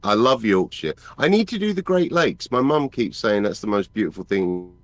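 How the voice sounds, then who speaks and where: A man chats on a livestream call. His voice is low and the sound is dry and close. He rambles, leans on fillers, and jokes at his own expense. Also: big pitch swings, moderate pace, dry recording. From England. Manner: rambling, self-mocking, lots of fillers. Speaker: caller. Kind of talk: casual chat.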